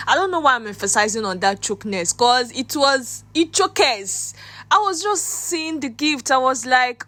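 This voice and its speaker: A woman's voice: high voice, lively intonation, moderate pace, sharp tone. A woman with a Nigerian accent, hosting a celebrity gossip channel and chatting in a gushing way, mixing pidgin with English. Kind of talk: gossip commentary.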